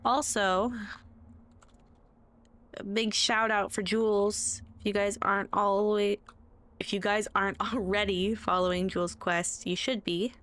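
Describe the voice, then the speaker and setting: A woman's voice: medium pitch, level tone, measured pace, a bit bright. A woman game streamer chatting casually and upbeat with her viewers during a live stream.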